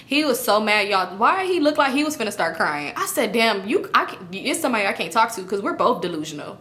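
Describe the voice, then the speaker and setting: A young woman vlogger telling a casual storytime to her viewers, animated and profane, with laughing asides. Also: fairly high pitch, fast talker, few pauses.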